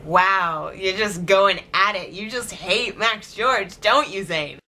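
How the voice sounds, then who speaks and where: A woman vlogging in casual chatty storytelling, giggly, excitable and gushing. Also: medium pitch, slow.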